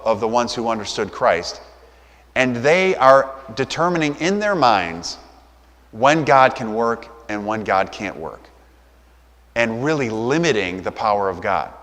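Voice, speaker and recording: A man's voice: medium pitch, a bit bright. A man preaching a sermon as a pastor, speaking in a loose, conversational way and briefly acting out the voices of the people in his story. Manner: conversational, acts out quoted voices. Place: church. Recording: reverberant church hall.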